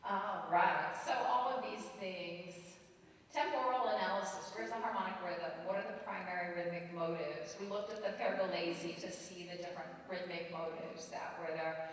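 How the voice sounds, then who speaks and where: A woman's voice: fairly low pitch, normal speed, distant mic, slight background noise. Woman lecturing in an echoey hall. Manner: lively, joking, animated storytelling. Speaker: choral conducting clinician. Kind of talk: conference workshop lecture. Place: conference hall. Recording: roomy hall, voice from afar.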